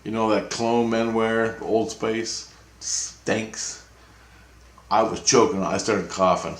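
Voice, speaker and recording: A low-voiced man who vlogs about his dreams rambles through a personal story at a slow, steady pace, often stopping and starting over. When quoting people, he jumps to a higher pitch to act out their voices. The recording is roomy, with a noticeable echo.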